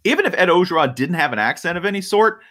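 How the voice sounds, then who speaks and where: A man's voice: high voice, lively intonation, fast, sharp tone. A man co-hosting a podcast, talking sports in an emphatic, casual way and often tagging his points with "right?". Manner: emphatic, keeps asking "right?". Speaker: podcast co-host.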